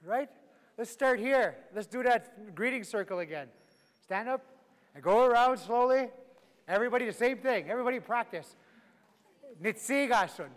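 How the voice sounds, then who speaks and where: A man with a fairly high voice leads a live language class, joking around and drilling words for the group to repeat. His voice rings out with a long reverb in a large hall. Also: animated, normal speed, long pauses. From Canada. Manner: playful, laughing, drilling phrases for repetition. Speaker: Cree language teacher.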